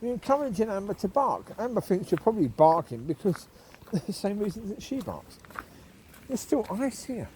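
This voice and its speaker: A man's voice: sits high, expressive, fairly quick, few pauses, darkish tone, a little hiss or hum. A man chatting casually while walking outdoors at night, opinionated and repeating his points, often chuckling. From United Kingdom. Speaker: vlogger. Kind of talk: casual walk-and-talk chat.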